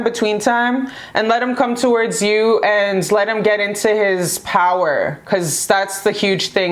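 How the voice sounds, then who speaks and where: A woman reading tarot in casual chat, effusive and affectionate, swearing freely as she talks to viewers. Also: medium pitch. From Canada. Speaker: tarot reader.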